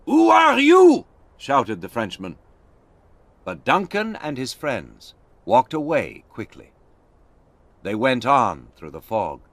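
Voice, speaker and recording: Slow, expressive male storyteller. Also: fairly low pitch, dry recording. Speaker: narrator. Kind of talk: slow graded-reader story narration.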